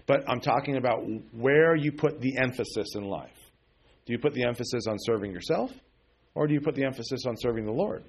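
A middle-aged male pastor delivering a sermon in a relaxed, conversational way. His voice sits in a middle pitch, and he scatters fillers and asides through his talk. He lifts his voice with emphasis on the points that matter. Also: fairly quick, gravelly, husky.

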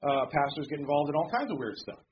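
A man preaching a sermon as pastor, talking conversationally with frequent "okay?" check-ins and reading scripture slowly and deliberately. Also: fairly high pitch, expressive. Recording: dull lo-fi sound with faint background noise.

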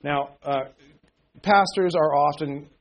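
A pastor with a weak voice, under the weather with a cold, preaching in a folksy, conversational way that keeps checking in with "okay?". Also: male voice, fairly high pitch, slow pace. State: sick with a cold. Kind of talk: conversational sermon. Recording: dull lo-fi recording.

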